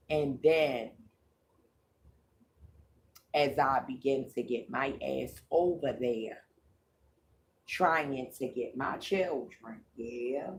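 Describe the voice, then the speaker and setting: A woman's voice: very deep voice, gravelly. A woman hosting a livestream, telling a story in a profane, repetitive way. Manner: slow, drawling, profane, repeats herself. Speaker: livestream host.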